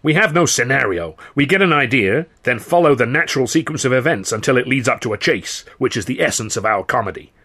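A man voicing a brash, fast-talking film studio boss who boasts loudly in a salesman's patter, in an audiobook. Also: medium pitch, animated, husky, heavily acted. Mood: boastful. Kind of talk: audiobook character voice.

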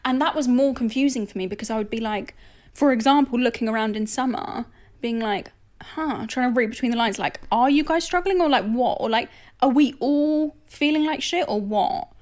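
A woman's voice: fairly high pitch, normal speed, darkish tone. A woman in her twenties co-hosting a podcast, talking candidly and often laughing through confessional chat. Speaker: podcast co-host. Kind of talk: casual chat.

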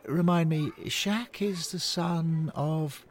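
A man's voice: on the high side, slow, voice pushed up. A man voicing an enthusiastic older male ghost who speaks eagerly and exclaims often. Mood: curious. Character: warm-hearted old male ghost, enthusiastic old friend.

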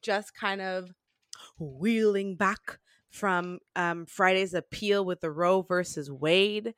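A woman's voice: fairly low pitch, takes it slowly, no room sound, clean studio sound. A woman hosting a podcast in a casual, upbeat way, often restarting her sentences. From Canada. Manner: upbeat and chatty, with frequent restarts. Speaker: podcast host.

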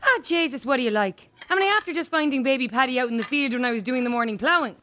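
An actress playing a bustling, unflappable Irish farm mother who chatters rapidly. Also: high voice, lively intonation, pushed and bright, slight background noise.

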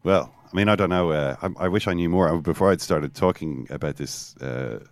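A man hosting a podcast, telling a football story with animated, storytelling energy and reading quotes aloud. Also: low voice, fairly quick, no room sound. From Ireland. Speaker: podcast host. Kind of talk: casual football chat.

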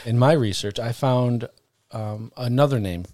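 A man hosting a casual podcast, teasing his co-host in quick banter. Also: mid-range voice, a little mellow, no echo. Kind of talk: casual chat.

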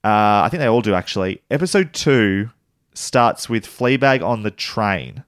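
Low-voiced easygoing man in dry close sound. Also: expressive, measured pace, clear, resonant tone, dry recording. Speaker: podcast co-host. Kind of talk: casual chat.

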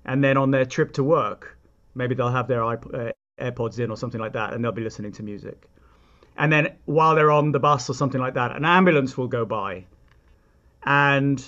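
A man's voice: mid-range voice, fairly bright tone. A man speaking as a composer and guest on a podcast, explaining at length in a thoughtful, reflective way and often restarting his sentences. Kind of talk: explanatory interview talk. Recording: dull lo-fi recording.

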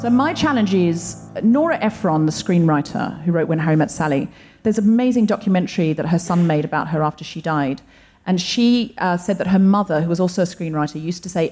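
A woman co-host speaks in a lowish, mellow voice during a live comedy podcast. She tells her stories earnestly and reflectively to the theatre audience. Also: moderate pace.

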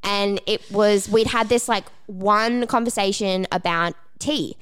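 This woman tells a story on a podcast in a lively, casual way and acts out each quoted line. Her voice is smooth and clear, and she swears freely as she talks. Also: medium pitch, unhurried. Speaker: podcast co-host.

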